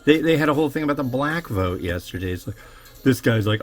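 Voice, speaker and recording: A man rambles casually through his thoughts while cooking and tasting, opinionated and full of restarts. His pitch moves in lively swings, and his voice sits in a middle register. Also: brisk, soft background music. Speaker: host of an instant noodle review channel.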